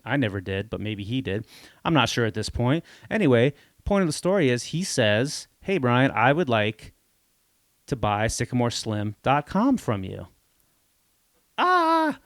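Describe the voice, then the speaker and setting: A man's voice: medium pitch, no room sound. A middle-aged man hosting a podcast, telling a rambling, self-deprecating story with many fillers and restarts. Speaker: podcast host. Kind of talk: casual storytelling monologue.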